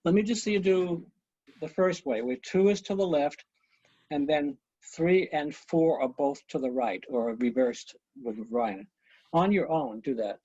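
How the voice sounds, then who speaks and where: A man's voice: a little high, unhurried, dark tone, slightly rough, no echo. A man teaching an online conducting class over a video call, coaching students and counting beats aloud, with chatty asides. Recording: muffled lo-fi video call audio.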